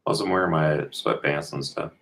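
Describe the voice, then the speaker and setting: A man's voice: rumbling low, normal speed, creaky, fairly bright tone, a little hiss or hum. An American man chatting as a guest on a video call, rambling and full of fillers and restarts. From United States. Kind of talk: casual chat.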